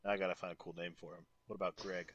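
A man's voice: sits low, rapid-fire, highs cut off, a crowd in the background. A man playing a tabletop game, joking around and laughing in casual chat. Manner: jokey, animated, laughing. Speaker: player.

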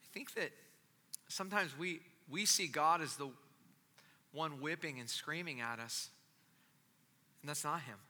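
Bright-voiced male preacher in a hall. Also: on the high side, a little slow, pauses often. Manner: animated, drops to soft gentle tones. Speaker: pastor. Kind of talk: sermon storytelling.

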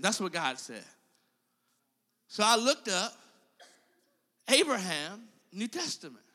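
A man's voice: high voice, big pitch swings, normal speed, long pauses, pushed and bright, big-room sound. A male preacher giving an impassioned sermon and calling out to his congregation. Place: church.

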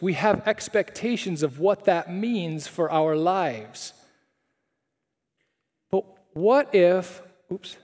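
A man's voice: on the high side, a little mellow. A male pastor giving a conversational chapel sermon full of rhetorical questions. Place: chapel hall. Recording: reverberant chapel hall.

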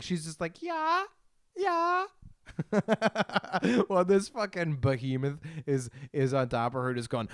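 A man's voice: mid-range voice, smooth, dry recording, studio quality. Crude young man rambling on a podcast. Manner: crude, laughing, self-deprecating storytelling. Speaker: podcast host. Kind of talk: rambling solo podcast monologue.

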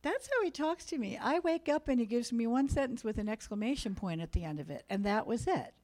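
A woman's voice: on the high side, expressive, brisk, a little mellow. A woman preaching a sermon in a church meeting room, earnest and exhorting as she speaks to the room.

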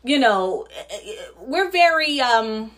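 A woman co-hosting a casual talk show, animated and quick to laugh, often acting out what people say. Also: a little high. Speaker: podcast co-host. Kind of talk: casual chat.

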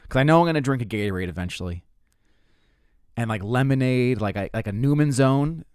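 A man's voice: medium pitch, animated, brisk, darkish tone, clean tone, no echo. A young man in his twenties talks through a comic monologue. He swears freely, restarts his sentences and mocks himself, in an ordinary mid-range voice. The sound is dry and close, with no room around it. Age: 20s. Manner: rambling, profane, self-mocking storytelling with frequent restarts. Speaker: comedian podcast host. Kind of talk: casual comedic monologue.

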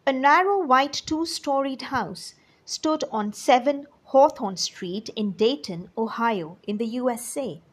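A woman reads a children's story aloud with an expressive delivery. Her voice is breathy and fairly high. She moves slowly, with a lively rise and fall. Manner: expressive, addresses children directly.

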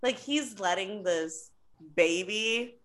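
A woman's voice: mid-range voice, slow pace. A woman chatting casually as a podcast co-host, recapping reality TV, laughing often and acting out what people said. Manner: animated, laughs often, acts out quotes.

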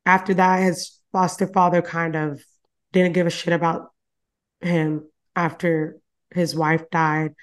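Retelling the plot of a novel in a relaxed book-recap chat, this host speaks in a low, level, unhurried voice. She's loose and profane, laughs a lot, and keeps reaching for fillers such as "you know."

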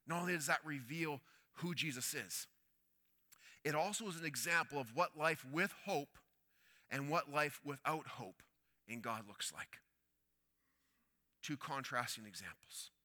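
Man, preacher, sermon storytelling, sharp bright tone, urgent then hushed delivery. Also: on the high side, moderate pace. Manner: storytelling, swings between loud urgency and hushed quiet.

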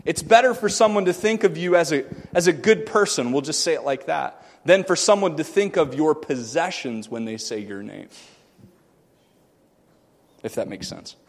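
A male preacher with a high, lively voice delivers a sermon full of sudden shouts and playful asides to his congregation. His words ring out with a long hall reverb, as if from a church sanctuary. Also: normal speed. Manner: animated, swings from loud shouting to quiet asides; joking, conversational with congregation.

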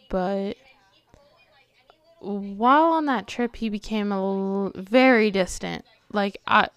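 The recording is dry, capturing a teenage girl's clean, medium-pitched voice. Hosting her podcast late at night, she offers a confessional monologue, hesitant and soft-spoken, yawning from tiredness and often lowering to a near whisper.

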